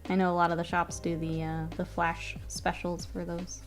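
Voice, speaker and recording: A woman streamer chatting casually with her live chat while she works, often murmuring softly, laughing easily, with a stuffy nose. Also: on the low side, completely flat delivery, moderate pace, faint music behind.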